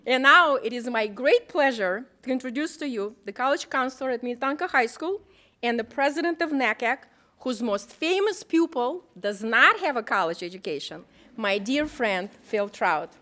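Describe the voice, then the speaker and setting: A woman introducing the keynote speaker at a school event, playful and warm as she builds him up. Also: on the high side, animated, normal speed. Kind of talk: introduction speech. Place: auditorium.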